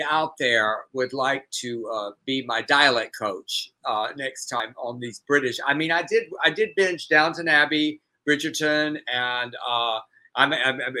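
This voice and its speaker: Bright-voiced, rambling man. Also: medium pitch. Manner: rambling, hesitant, many fillers. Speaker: podcast co-host. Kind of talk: casual chat.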